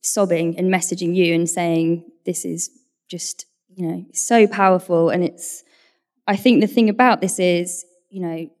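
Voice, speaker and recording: A woman's voice: on the low side, steady tone, measured pace. A woman hosting a live event, reading a guest's introduction and then speaking informally about a podcast episode. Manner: reads guest bios, then talks warmly and informally. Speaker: event host.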